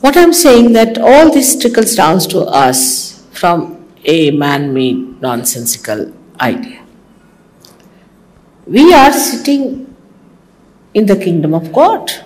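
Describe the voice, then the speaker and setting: A woman delivers a sermon in a low-pitched voice. Her pitch swings widely as she teases and scolds her listeners with humor. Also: slow pace, pauses often, low-quality recording. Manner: animated, teasing, scolding with humor. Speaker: spiritual teacher. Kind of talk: sermon to followers.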